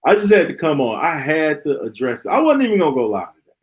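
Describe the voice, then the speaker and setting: A man's voice: a little high, very animated, fast, poor audio. A man hosting a live stream, ranting in an exasperated, sarcastic way and often repeating himself. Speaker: podcast host.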